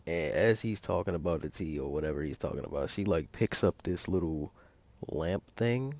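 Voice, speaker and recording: A man with an extremely low voice that keeps sliding into gravelly fry. He recaps a TV episode in a loose, rambling way, leaning on filler words throughout. He retells the scenes by quoting the characters in his own plain voice. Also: expressive, normal speed, darkish tone. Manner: rambling, heavy use of filler like "like" and "or whatever". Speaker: video host recapping a TV episode. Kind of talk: casual spoken recap.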